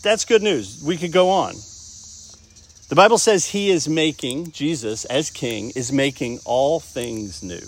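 A man's voice: on the high side, expressive, measured pace, slight background noise. A man preaching a sermon, talking conversationally and often asking the congregation questions. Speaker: pastor.

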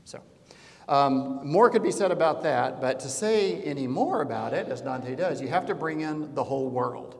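A man's voice: on the high side, expressive, moderate pace, gravelly. Man lecturing with hall reverb. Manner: conversational, digressive, many fillers. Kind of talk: classroom lecture.

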